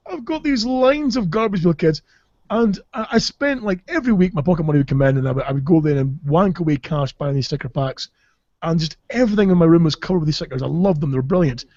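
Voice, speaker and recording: A man's voice: a little high, brisk, a little mellow, no echo, lo-fi sound. Sweary Scottish man telling stories. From Caithness, Scotland. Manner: sweary, rambling, laughs through his stories. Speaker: podcast co-host. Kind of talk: casual comic storytelling.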